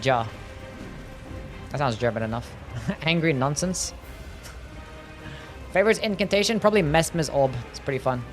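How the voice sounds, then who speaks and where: A man's voice: on the high side, expressive, moderate pace, pauses often, faint music behind. A man streaming a game live, chatting casually and answering viewers' questions in a loose, offhand way, with laughs and some swearing. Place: home streaming setup.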